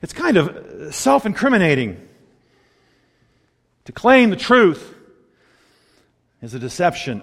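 Guy preaching in a big echoey hall, voice a bit high and swinging all over, laughing and doing little mock voices. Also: moderate pace, long pauses. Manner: lively, acts out mocking quotes, laughs often. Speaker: pastor. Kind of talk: sermon.

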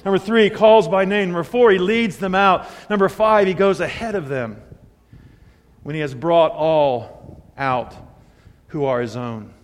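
A man in his sixties preaching a sermon, moving between loud emphatic peaks and hushed, quiet asides. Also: high-pitched, a little slow. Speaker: pastor. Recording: long hall reverb.

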